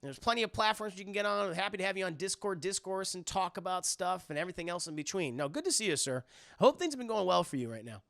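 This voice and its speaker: Man, livestream host, casual chat, swears a lot, lively swooping pitch, dry room. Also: gravelly, no echo. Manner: animated, swears freely, quick asides to chat.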